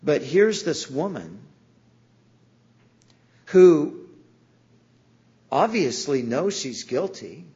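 A man's voice: fairly high pitch, big pitch swings, drawn-out words, pauses often, dark tone, breathy edge, dull audio. A man preaching a sermon in an earnest way, sometimes acting out the voices in the stories he tells. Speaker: pastor.

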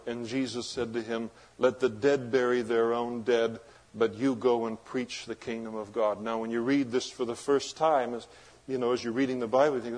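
A man preaching a sermon as pastor, moving between loud emphatic passages and low, quiet explanation. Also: fairly even intonation, normal speed.

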